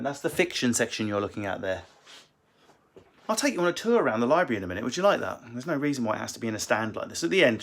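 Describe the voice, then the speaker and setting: A male comedian answers viewer questions in a casual live session from a library room at home. His banter is quick, cheeky and crude. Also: medium pitch, a bit bright.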